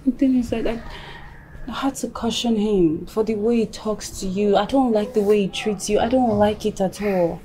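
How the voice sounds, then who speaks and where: A woman's voice: mid-range voice, moderate pace, dark tone, faint music behind, lightly acted. An actress playing a loving young wife with a Nigerian accent, caught between her father and husband, who pleads tenderly. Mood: affectionate. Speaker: wife and daughter. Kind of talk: film drama acting.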